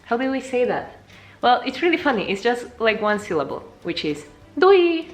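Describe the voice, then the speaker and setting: A young woman, not a native English speaker, teaching a casual video language lesson in a chatty way, jumping high in pitch to show words. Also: fairly quick. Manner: lively, jumps high to demonstrate words, chatty with fillers.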